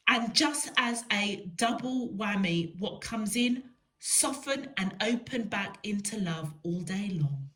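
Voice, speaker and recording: A woman gives a tarot reading straight to her viewers. She talks at an unhurried, drawn-out pace at an ordinary pitch, leaning on words and repeating them for emphasis. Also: animated, a bit bright. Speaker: tarot reader. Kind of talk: spiritual tarot reading to camera.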